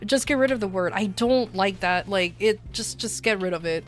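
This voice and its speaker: A woman streamer chatting casually and telling a story, blunt and profane, laughing often and acting out shouted lines. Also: mid-range voice, normal speed, soft background music. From desert region. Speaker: VTuber streamer.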